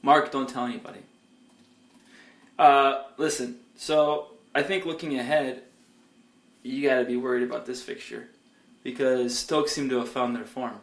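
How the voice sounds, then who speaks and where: A man co-hosting a football podcast, chatting in a relaxed, joking way that often trails off. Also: mid-range voice, normal speed, pauses often. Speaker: podcast co-host. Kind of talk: casual chat. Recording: roomy echo.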